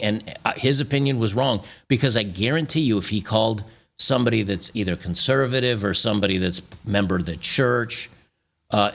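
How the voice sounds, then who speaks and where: Gravelly low-voiced man ranting. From United States. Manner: animated, stumbles and restarts while reading. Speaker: channel host. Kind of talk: opinion commentary reading news aloud.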